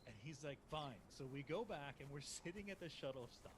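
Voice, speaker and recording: A man's voice: a little high, quick pace, background noise. A middle-aged man telling a long anecdote as a guest, laughing and acting out what people said. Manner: lively, laughing, acts out quotes, shouts in bursts. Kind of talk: animated anecdote storytelling.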